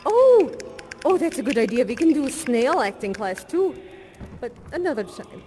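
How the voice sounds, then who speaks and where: A quirky acting teacher. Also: female voice, sits high, normal speed, soft background music. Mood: upbeat, instructive. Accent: non-American. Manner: chatty, rambling, animated. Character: eccentric woman acting teacher, earnest and whimsical. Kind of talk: improvised live theatre performance.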